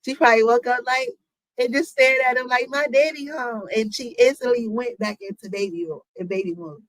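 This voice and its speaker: A woman's voice: a little high, a little fast, fairly bright tone, no room sound, low-quality recording. A woman hosting her own commentary channel, talking casually to viewers with lots of fillers and asides. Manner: chatty, lots of fillers, addresses viewers as y'all.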